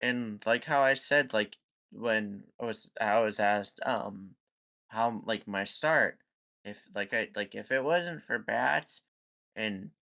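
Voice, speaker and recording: A man in a casual group podcast chat, halting and filling his talk with "like". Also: fairly low pitch, creaky, pushed and bright. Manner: halting, full of "like" and restarts.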